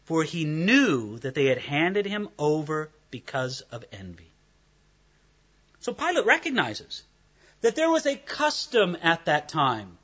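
A man preaching an expository sermon, animated and acting out the quoted voices of the figures he describes. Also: a little high, measured pace, breathy edge, dull audio.

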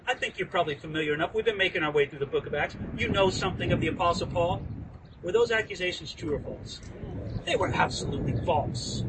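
A man preaching a sermon outdoors at a historic site, lively and animated, acting out the voices of the people in his story. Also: very high voice. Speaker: pastor. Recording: distant mic with outdoor noise.

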